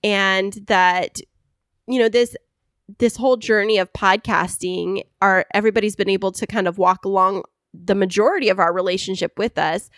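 A woman's voice: medium pitch, fairly even intonation, moderate pace, a bit bright, no echo, clean studio sound. A young adult woman co-hosting a podcast in casual chat, bubbly and affectionate, laughing often. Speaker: podcast co-host.

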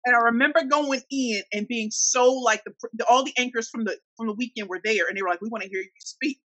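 A woman from St. Louis, Missouri, telling her business story in an interview, animated and acting out the voices of the people in it. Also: on the high side, quick pace, dry recording, poor audio. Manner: animated, acts out quoted voices. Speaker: guest entrepreneur.

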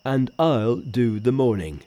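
A man voicing a lazy, greedy pig-man disciple in an audiobook reading, with loud, drawn-out, grumbling speech. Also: mid-range voice, lively intonation.

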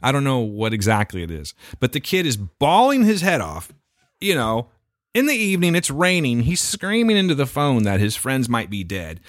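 Animated, profane man telling a story. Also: medium pitch, moderate pace, no echo, studio quality. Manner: profane, animated retelling with put-on quotes. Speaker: podcast co-host. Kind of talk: casual storytelling chat.

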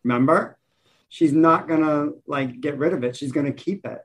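A young man hosts a podcast with a gushing, lively enthusiasm. His voice sits a little high for a man, and he talks in an easy, chatty way. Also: moderate pace. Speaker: podcast host. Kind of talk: casual chat.

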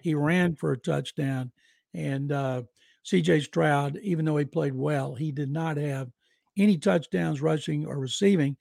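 A man's voice: a little high, fairly even intonation, unhurried, vocal fry, a little mellow, no room sound. An older man co-hosting a sports podcast, giving dry, matter-of-fact takes on football. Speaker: football writer and co-host.

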